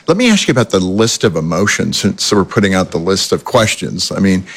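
A man's voice: deep voice, very animated, brisk, gravelly, husky. A male host in casual conversation, chatty with folksy asides. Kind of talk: conversational interview.

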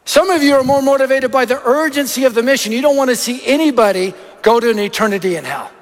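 High-voiced preacher in an echoey hall. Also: male voice, quick pace. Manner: animated, anecdotal, punchy lists. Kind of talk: sermon with storytelling.

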